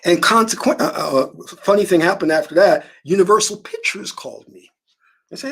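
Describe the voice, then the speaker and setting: Husky, animated man preaching manifestation. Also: high voice, normal speed. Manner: preachy, storytelling, emphatic. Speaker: spiritual manifestation teacher. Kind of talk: motivational spiritual monologue.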